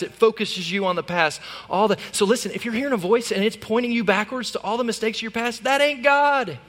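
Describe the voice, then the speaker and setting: A man preaching a sermon as pastor, conversational and animated, with sudden loud peaks. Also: high-pitched, fairly quick, few pauses, in a large hall.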